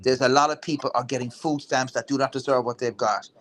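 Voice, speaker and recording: A man's voice: mid-range voice, steady tone, fast talker, a bit bright. A man talking politics heatedly and bluntly, swearing and restarting his sentences often. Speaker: veteran political talk show guest.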